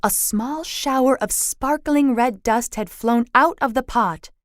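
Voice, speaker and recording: A woman reading a children's storybook aloud, slow and expressive. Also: fairly high pitch, dry recording, studio quality.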